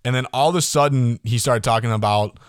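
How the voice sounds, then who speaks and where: A man in his early twenties hosting a casual solo podcast, excitable and rambling, swearing freely and often tagging his points with a quick question. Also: mid-range voice, clear, resonant tone, no room sound, clean studio sound. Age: early 20s. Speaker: podcast host.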